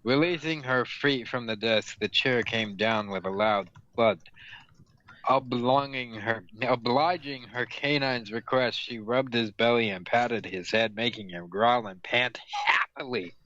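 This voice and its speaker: Man, comedic fan fiction reading, bright voice, dull lo-fi audio. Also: medium pitch, measured pace, no room sound. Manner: reads aloud, stumbles and corrects words, laughs mid-sentence. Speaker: reader and host. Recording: dull lo-fi audio, dry room.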